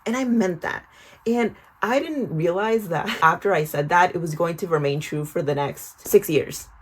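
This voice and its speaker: Husky-voiced young woman telling a storytime. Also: lowish voice, moderate pace. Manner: chatty, animated storytelling with frequent swearing; addresses the viewer as "girl". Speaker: vlogger. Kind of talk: casual storytime vlog.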